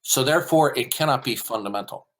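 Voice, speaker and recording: A man's voice: medium pitch, fast, fairly bright tone. A man hosting a heated online voice-chat debate, lecturing emphatically and interrupting with repeated questions. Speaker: debate host.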